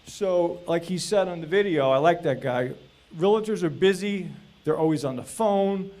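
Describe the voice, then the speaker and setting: A man's voice: fairly high pitch, normal speed, darkish tone. A middle-aged man giving a casual, chatty talk to a meeting of videographers, full of anecdotes and small jokes. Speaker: real estate videographer presenting.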